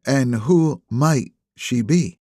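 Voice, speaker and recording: A man voicing a blunt middle-aged woman police chief with a slight Midwestern accent, brisk and needling. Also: medium pitch, mellow, no room sound, studio quality.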